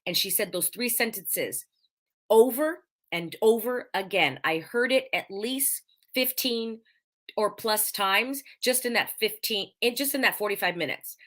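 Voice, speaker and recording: A woman hosts a casual live-stream monologue, her bright, forward voice leaping up and down in pitch as she tells a story. She repeats key points for emphasis, slips into the voices of the people she quotes, and keeps her diction careful and clear. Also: lively intonation, measured pace. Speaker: host of a live podcast show.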